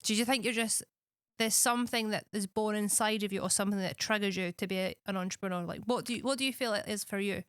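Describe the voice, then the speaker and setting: Woman, guest interviewer, earnest questions, smooth clear voice, dry close sound. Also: mid-range voice, fairly even intonation, fast talker, a bit bright, no echo. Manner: earnest, searching questions with many fillers. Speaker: social media coach interviewing. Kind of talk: casual interview chat.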